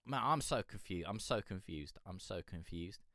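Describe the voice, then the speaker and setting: A lower-pitched man with a bright, clean voice hosts a live music review stream. He rambles in casual chat, swears freely and laughs while answering viewers. The sound is dry, with no room echo. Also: expressive, moderate pace.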